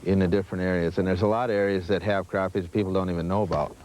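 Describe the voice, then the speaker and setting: A local fishing guide on a lake boat explains fishing patterns in a plain, matter-of-fact, casual chat. His voice is low and darkish with fairly even intonation, and he talks at a racing clip. It sounds like 1980s VHS field audio with light noise.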